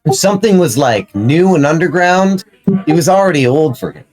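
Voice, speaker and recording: A man's voice: a little high, animated, normal speed, a little mellow, rough recording. A man telling a profane, rambling story as a player in a tabletop game.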